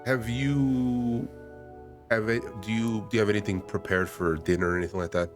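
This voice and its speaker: A man playing a tabletop game, speaking casually and gently, slipping in and out of character. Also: lowish voice, level tone, normal speed, soft background music. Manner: gentle, casual, in-character speech mixed with chat. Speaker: player.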